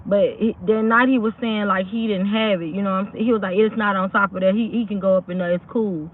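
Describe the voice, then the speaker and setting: A woman's voice: mid-range voice, steady tone, quick pace. A woman casually telling a true story, rambling and often checking in with her listeners. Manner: rambling, keeps asking "you know what I'm saying". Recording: tinny phone-like audio.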